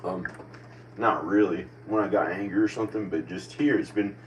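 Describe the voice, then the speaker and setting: Speaking in a deep voice at normal speed, this man in his forties has an American country accent. His talk is a meandering personal monologue where he questions himself and keeps restarting. The recording comes from a distant mic with faint noise behind it.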